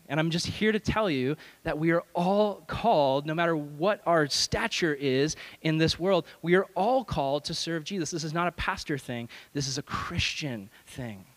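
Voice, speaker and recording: A young adult man, a youth pastor, telling a lively self-deprecating story in a sermon and acting out the voices. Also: on the high side. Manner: animated, self-deprecating, acts out voices in stories.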